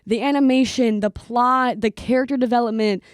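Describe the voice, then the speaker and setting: A woman's voice: fairly high pitch, steady tone, a little fast, clear, resonant tone, dry recording, studio quality. Chatty young woman reviewing films. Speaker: podcast co-host. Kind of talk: casual chat.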